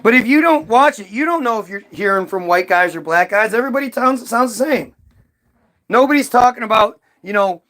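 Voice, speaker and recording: A man's voice: sits high, animated, normal speed, a bit bright. A man giving a heated, profane monologue to camera, rambling with frequent restarts and trailing asides. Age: adult, old enough to recall early-2000s hits. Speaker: video commentator.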